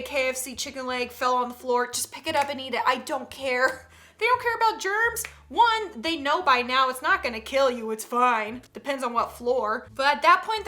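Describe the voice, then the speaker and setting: Young woman cracking jokes, high pitched, bright, laughs a lot, does silly voices. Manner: animated, laughing often, jumps into loud put-on voices. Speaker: comedy YouTuber reacting to parenting tweets. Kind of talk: comedic commentary with acted voices.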